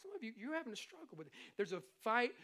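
A middle-aged man preaching a sermon as pastor, animated and conversational, slipping into playful impressions. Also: very high-pitched, fast talker.

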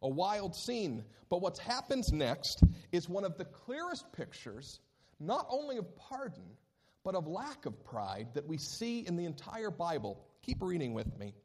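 A man preaching a sermon as pastor, telling a scripture story with animated delivery and acted-out moments. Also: high voice, unhurried, breathy edge. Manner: animated storytelling, acting out scenes.

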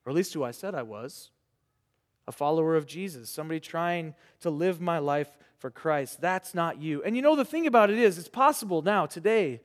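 A man preaching a sermon to young people, earnest and rhetorical, with dramatic pauses. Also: fairly high pitch, expressive. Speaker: pastor. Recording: reverberant hall.

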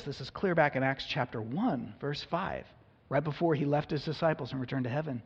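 In a church sanctuary, an American pastor reads scripture and unpacks it earnestly and conversationally, acting out the figures in the passage. He speaks a little high and a little fast, with a husky voice and vocal fry. The recording carries long hall reverb and a dull lo-fi quality.

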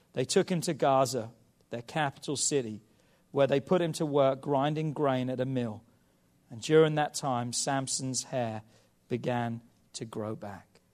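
A man preaching at a family service, reading a children's Bible story aloud and calling on the audience to repeat lines. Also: medium pitch. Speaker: pastor.

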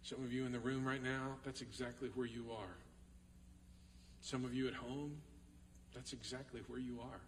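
A pastor with a Texan accent preaches an earnest sermon in a church sanctuary, repeating key phrases for emphasis. His mid-range voice is fairly even and moderately paced, picked up from far off in an echoey hall with a little hiss or hum.

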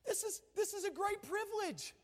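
A male pastor with a drawl, preaching an impassioned sermon that swings between loud emphasis and hushed asides. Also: very high voice, animated, normal speed, in a large hall.

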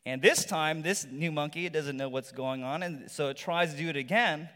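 A male pastor giving a sermon in a relaxed, conversational storytelling manner, with rhetorical asides to the congregation. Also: on the high side, normal speed. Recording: long reverb from a large hall.

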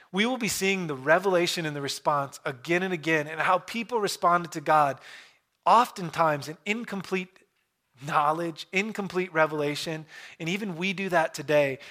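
A pastor preaching a sermon in a church, earnest, dropping into hushed pauses for effect. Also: male voice, high voice. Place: church room.

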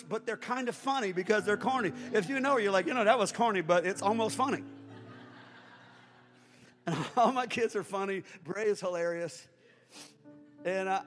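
Older male pastor, high sharp voice, sermon rising to shouts; church reverb, music underneath. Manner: builds to fervent shouting preaching. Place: church sanctuary.

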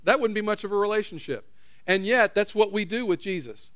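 Middle-aged pastor, high voice, chatty sermon style, talks straight to the pews. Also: male voice, lively intonation, brisk, a bit bright. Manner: conversational, repeats phrases, questions the audience. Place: church.

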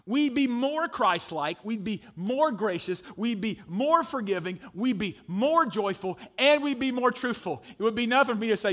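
A middle-aged man preaching a sermon, telling a funny story with animated swings from loud to hushed. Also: extremely high pitch, normal speed, few pauses. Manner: animated storytelling, sudden drops to a hush. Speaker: pastor.

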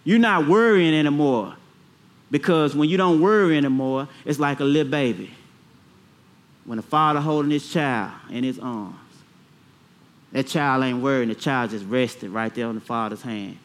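Man preaching. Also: medium pitch. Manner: call-and-response preaching, repeating phrases, drawn-out emphatic words. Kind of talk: sermon.

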